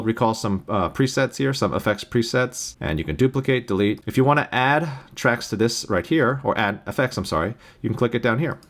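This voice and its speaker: Low-voiced man explaining music software. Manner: plain, practical explaining with sung beep demos. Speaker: music teacher giving a software tutorial. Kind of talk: screen-recorded tutorial. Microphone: USB interface mic.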